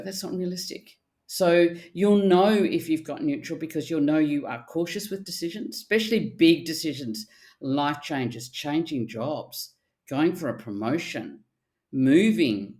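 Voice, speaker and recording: A middle-aged woman, a therapist speaking in casual podcast chat, animated and blunt, with the odd swear word. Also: low-pitched. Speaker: archetypal therapist guest.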